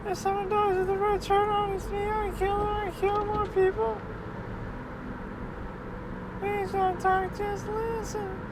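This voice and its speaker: A weepy falsetto killer. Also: male voice, monotone. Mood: weepy pleading. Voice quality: very high, thin falsetto, tearful. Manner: slow, halting, pleading delivery. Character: weepy remorseful male killer, pleading. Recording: distant mic with street traffic noise.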